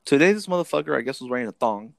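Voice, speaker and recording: A man's voice: mid-range voice, lively intonation, very fast, vocal fry, dry recording. A young man telling stories in laid-back casual chat, cursing freely. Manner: laid-back, profane storytelling. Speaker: soldier.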